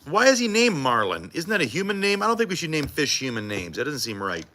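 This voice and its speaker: A man's voice: fairly high pitch, wildly swooping pitch, fast talker, pushed and bright. A man co-anchoring a morning TV news show, joking and teasing his co-host in casual banter behind the scenes. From United States.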